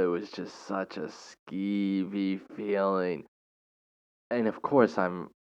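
A young man, a teacher, telling a personal story in a casual, animated way with lots of slang. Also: deep voice, creaky. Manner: animated, slangy, dramatic retelling. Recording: dull lo-fi recording.

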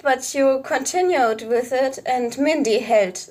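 A woman co-hosting a podcast in a casual chat at her parents' house. She giggles a lot and is quick to apologize. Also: high-pitched, a little mellow. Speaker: podcast co-host.

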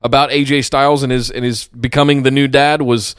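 A laid-back man co-hosting a casual chat, often restarting his sentences and slipping in dry humor. His voice is smooth and clear at a middle pitch. The recording is dry and close. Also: level tone, fairly quick, no echo. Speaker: podcast co-host.

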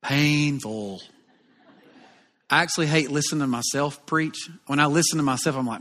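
Southern pastor in a reverberant hall. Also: male voice, a little high, moderate pace. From Alabama, US. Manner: folksy, animated, jokey. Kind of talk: sermon. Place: church auditorium. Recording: long reverb of a large church hall.

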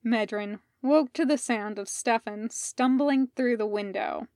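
A woman narrating a fan fiction audiobook in a calm, even storytelling manner. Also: on the high side, a little slow, dry recording, studio quality. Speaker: podfic reader.

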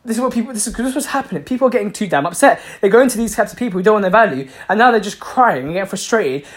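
A man's voice: high-pitched, expressive, racing, few pauses. A man giving a passionate motivational talk, repeating himself for emphasis and swearing freely. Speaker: motivational speaker.

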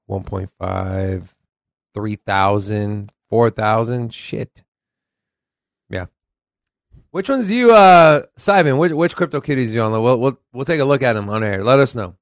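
A man's voice: mid-range voice, measured pace, no room sound, studio quality. A man from Texas with a Southern accent, co-hosting a casual crypto podcast, reading articles aloud and swearing casually. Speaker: podcast co-host.

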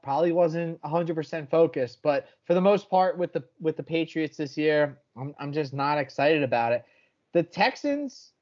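A man's voice: a little high, dull audio. A man hosting a sports betting podcast in casual, brash chat, swearing freely as he talks picks.

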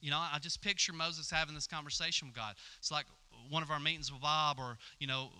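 Bright-voiced man preaching a sermon. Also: on the high side, fairly even intonation, a little fast, clear, resonant tone. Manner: storytelling, acts out dialogue with stammering fillers. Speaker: pastor. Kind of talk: conversational sermon.

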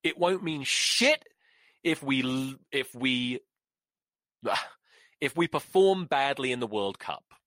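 A man's voice: medium pitch, animated, slow pace, long pauses, a bit bright, no room sound, studio quality. A man, hosting a solo podcast and ranting with profanity and sarcasm. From England. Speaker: podcast host. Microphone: close mic.

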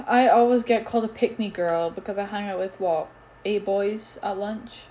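A teenage girl talks alone into her podcast, ranting in a blunt, exasperated way and swearing freely. Her voice sits at an ordinary middle pitch for a girl. She keeps it loose and casual. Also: unhurried, mellow, slight background noise. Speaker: solo podcast host.

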